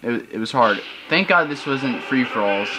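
A man's voice: mid-range voice, lively intonation, moderate pace, low-quality recording. A young man hosting casual gameplay commentary, chatty and loose, breaking into frustrated outbursts. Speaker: gaming channel host. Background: video game music.

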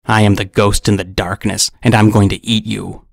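A man putting on a furious, vengeful male lion with a gravelly, low voice that barely rises or falls. He growls his threats in a gruff, menacing way, close and dry, like a storybook villain. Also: flat delivery, normal speed, no echo, close to an everyday voice.

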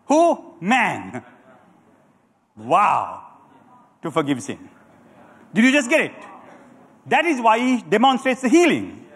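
A middle-aged man preaching a sermon as a pastor, animated and calling on the congregation to answer back. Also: very high voice. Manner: animated preaching with audience call-and-response. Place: church hall. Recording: church hall with long reverb.

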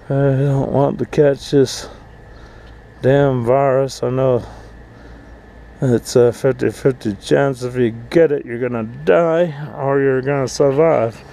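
Gravelly man ranting outdoors. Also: medium pitch, fairly even intonation, slow pace, warm tone, rough recording. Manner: angry, swearing, mocking voices. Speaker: vlogger, full-time RVer. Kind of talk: profane rant to camera. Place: outdoors at an RV park.

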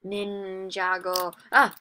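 A woman hosts her channel while casually narrating her own online gameplay, chatty and excitable, with sudden exclamations and self-mocking remarks. Her voice is medium-pitched and she draws out her words.

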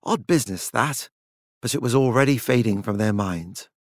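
A man's voice: medium pitch, normal speed, dry recording. Dry, close-miked male story narrator. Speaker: audiobook narrator. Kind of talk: scripted narration of a short story.

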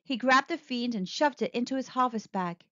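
A woman reading a children's storybook aloud, expressive and animated. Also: on the high side, moderate pace, no room sound, highs cut off.

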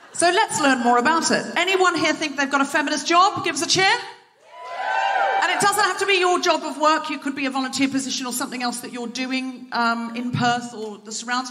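A woman hosting a live comedy podcast from a theatre stage, bantering playfully with the audience and mocking herself. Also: high-pitched. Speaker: host. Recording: live theatre recording with clicking noise.

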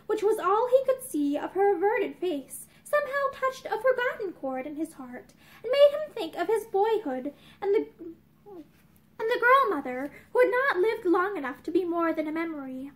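A young woman reading a novel aloud to camera, with measured storytelling and dramatic emphasis. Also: very high voice. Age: young adult. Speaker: narrator. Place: indoors, room with bookshelves.

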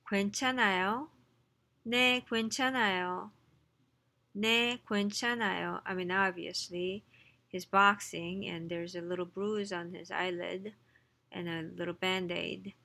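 A woman teaches a lesson in a bright, edgy voice with a gravelly fry underneath. She reads example lines quickly and then explains them at an unhurried pace, with casual asides and self-corrections along the way. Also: mid-range voice. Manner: reads Korean lines fast, then explains slowly in English. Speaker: Korean language teacher.

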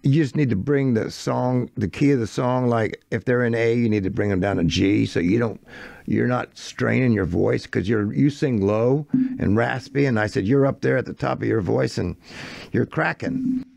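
Gravelly older man telling a story. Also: medium pitch, normal speed, no echo. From United States. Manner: animated anecdote, quoting others in shifting voices. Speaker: songwriter guest. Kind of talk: casual storytelling.

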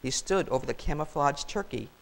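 An older woman reading a children's story aloud as a grandmotherly storyteller, in a warm, expressive way. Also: low voice, fairly quick, gravelly, poor audio.

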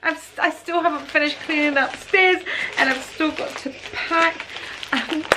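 A woman in her fifties unboxing gifts on her vlog, gushing and stammering with excitement, repeating her exclamations. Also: high voice, a little slow, very noisy. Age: 50s. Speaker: vlogger.

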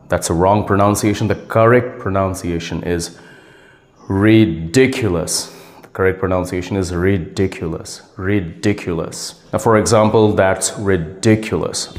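A man playing a stern English teacher who spells words letter by letter and repeats them slowly and formally. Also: lowish voice, big-room sound, natural voice. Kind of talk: comedic sketch acting.

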